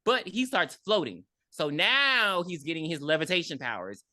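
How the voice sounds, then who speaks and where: Animated woman recapping a movie. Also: lowish voice, moderate pace, no room sound, clean studio sound. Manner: animated, profane storytelling. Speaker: podcast co-host.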